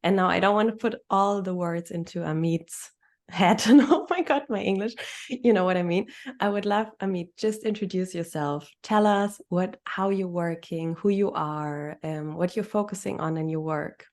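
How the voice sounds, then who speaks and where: A woman's voice: fairly low pitch, steady tone. A woman with a German accent hosting a coaching podcast, speaking earnestly and personally, with small restarts. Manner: earnest, personal, slightly halting. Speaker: podcast host. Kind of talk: podcast interview intro.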